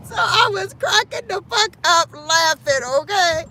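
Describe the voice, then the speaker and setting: Chatty high-voiced woman livestreaming from car. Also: expressive, moderate pace, few pauses. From Cleveland, Ohio. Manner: chatty, profane, laughs often, talks to viewers. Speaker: livestream host. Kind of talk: casual livestream chat. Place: inside a moving car. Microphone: phone livestream. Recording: car and wind noise.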